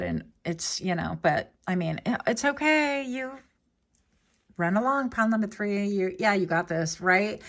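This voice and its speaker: A woman's voice: medium pitch, animated, normal speed, fairly bright tone. A woman giving a casual pick-a-card tarot reading, chatty and digressive with playful asides. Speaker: tarot reader.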